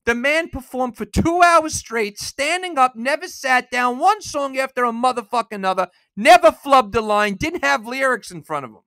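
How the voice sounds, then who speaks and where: A man hosting a podcast alone, delivering an angry, profane rant that bursts into shouting. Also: very high voice, lively intonation, moderate pace, few pauses, clear, resonant tone, no room sound, studio quality. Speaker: podcast host. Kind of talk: solo ranting podcast.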